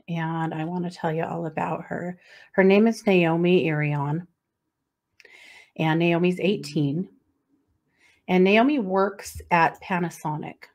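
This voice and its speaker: A middle-aged woman co-hosting a podcast, talking casually and walking through a missing-person case in a rambling, chatty way. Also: fairly low pitch. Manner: chatty, rambling with fillers and restarts, laughs easily. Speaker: podcast co-host.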